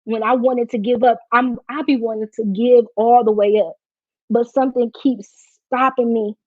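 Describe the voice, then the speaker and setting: A woman's voice: on the high side, steady tone, moderate pace, no echo. A woman hosting a casual live stream, talking in a heartfelt, slangy way while close to tears. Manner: emotional and heartfelt, slangy and informal. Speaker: livestream host. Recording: dry, slightly dull lo-fi stream audio.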